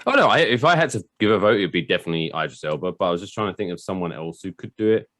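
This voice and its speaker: Lively, teasing low-voiced man. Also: racing, no room sound. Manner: teasing, animated. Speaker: podcast co-host. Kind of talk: casual chat.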